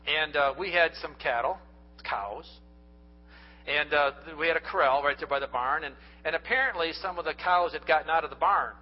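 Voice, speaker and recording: A pastor preaches to his congregation in an earnest, folksy way, addressing them directly. His voice sits a little high for a man and has a husky edge. The recording is dull and lo-fi, as if captured in a church. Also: normal speed. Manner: folksy storytelling. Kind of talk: sermon.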